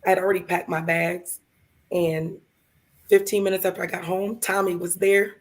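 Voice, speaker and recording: A woman co-hosting a live show, telling a heartfelt personal story in a gravelly, hoarse voice and acting out the other people in it. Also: fairly low pitch, level tone, moderate pace. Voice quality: gravelly, hoarse from vocal cord lesions. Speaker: podcast co-host.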